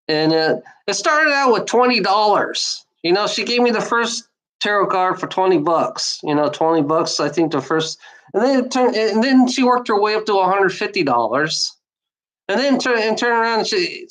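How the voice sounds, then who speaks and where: A woman rambles through a loose, casual monologue, swearing freely and laughing between thoughts. Her voice sits at a middling pitch and sounds unpolished and off the cuff. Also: fairly bright tone, poor audio. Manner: rambling, profane, laughs often.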